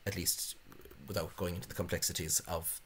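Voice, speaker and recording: Man, lowish voice, lecturing, halting with fillers, scornful asides. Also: level tone, a little hiss or hum. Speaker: language video host. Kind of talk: spoken lecture on spelling reform.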